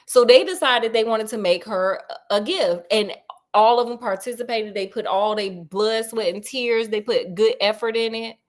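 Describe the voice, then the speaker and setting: Speaking in a slightly high voice at normal speed, this sassy host retells a book in a chatty, animated way. She addresses her audience as "girl" and "honey" and performs the characters.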